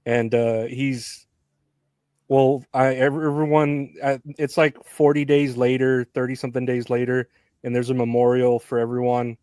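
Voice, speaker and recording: A man co-hosting a podcast, casually recapping a film with frequent laughs and halting restarts. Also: medium pitch, level tone, a little mellow, smooth, no echo, studio quality. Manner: laid-back, laughs often, halting restarts. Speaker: podcast co-host.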